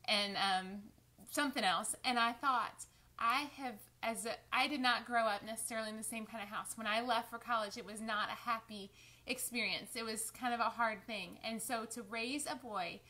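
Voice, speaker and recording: A woman's voice: a little high, fairly even intonation, normal speed. A woman, chatting on a live stream and fighting back tears. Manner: warm, chatty, emotional, addresses viewers as y'all. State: close to tears. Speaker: lifestyle vlogger. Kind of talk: casual live-stream chat.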